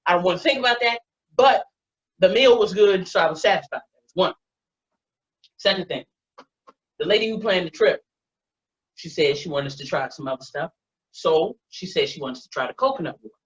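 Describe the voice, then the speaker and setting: A woman doing a stand-up set, telling a profane, animated story. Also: on the low side, brisk, long pauses. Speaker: stand-up comedian. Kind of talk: stand-up set on a video call. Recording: dull lo-fi online audio.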